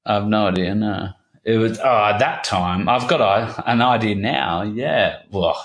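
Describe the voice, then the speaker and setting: A man in his thirties talking candidly as an interview guest, halting and repeating himself, swearing casually. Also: on the low side. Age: 30s. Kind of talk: candid personal conversation.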